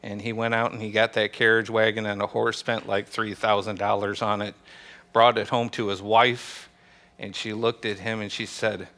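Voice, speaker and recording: Preacher, male, bright voice, tells jokes to a small church group, laughs easily. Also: fairly low pitch, little pitch movement, moderate pace. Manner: chatty, joking, laughs easily. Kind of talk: casual joke-telling and church teaching.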